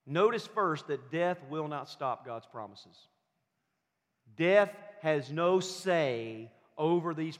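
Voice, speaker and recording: A man preaching a sermon with emphatic delivery, building to loud, forceful peaks. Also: high voice, in a large hall. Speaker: pastor.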